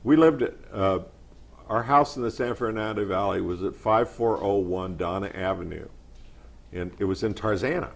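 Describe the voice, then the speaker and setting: A man chatting as a guest, telling trivia-filled stories with animated relish. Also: fairly low pitch, normal speed, gravelly. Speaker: guest storyteller. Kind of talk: casual anecdotal chat.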